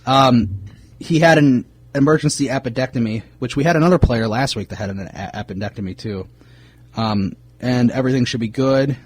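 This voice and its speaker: Brisk and husky at a medium pitch, this man co-hosts a sports podcast with no echo on his voice. He chats in a relaxed way with plenty of fillers, going over player news and reading off signings.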